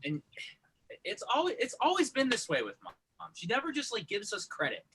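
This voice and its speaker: A man's voice: very high voice, wildly swooping pitch, fairly quick, pushed and bright, slight background noise. A man performing online improv comedy, rambling earnestly with lots of fillers.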